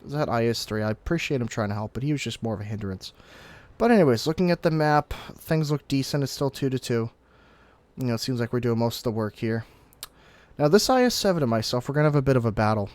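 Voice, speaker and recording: A young man giving casual, explanatory commentary over his own gameplay, breaking into sudden excited outbursts now and then. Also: mid-range voice, quick pace, no room sound. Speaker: gaming commentator.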